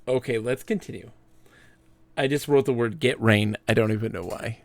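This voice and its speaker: Gravelly man reading game text aloud. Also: mid-range voice, normal speed. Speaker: streamer and co-host. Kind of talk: casual stream banter and reading game text.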